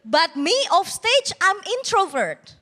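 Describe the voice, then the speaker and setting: A young woman doing stand-up on a TV competition stage, her voice high and swinging widely in pitch. She takes her time over each line. Her delivery is bold and teasing, and she is quick to mock herself. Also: big pitch swings, bright, forceful tone. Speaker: stand-up comedian. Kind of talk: stand-up comedy routine.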